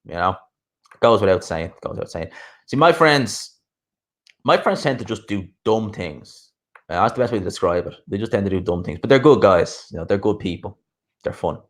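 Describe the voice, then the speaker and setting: An Irish man chatting on a live stream, rambling loosely from one thought to the next and swearing freely. His voice sits on the low side. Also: animated, normal speed. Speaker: boxing channel host. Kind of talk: casual live stream chat.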